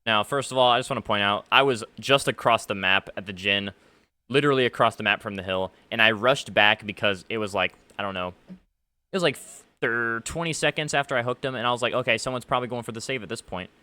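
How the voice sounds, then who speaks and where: Bright, clear-voiced ranting man. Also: lowish voice, brisk. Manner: aggrieved, ranting, many fillers. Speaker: gaming YouTuber. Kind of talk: commentary to camera. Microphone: face cam setup.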